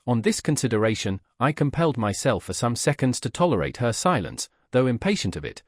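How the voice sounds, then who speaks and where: A man narrating a classic novel in the first person, reading in a measured, expressive way. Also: mid-range voice, dry recording, studio quality. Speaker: audiobook narrator.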